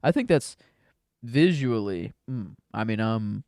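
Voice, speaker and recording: A man's voice: fairly low pitch, lively intonation, slow, gravelly, darkish tone, no room sound, clean studio sound. A man co-hosting a casual film podcast, talking in an easygoing, hesitant way with many fillers and restarts. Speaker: podcast co-host.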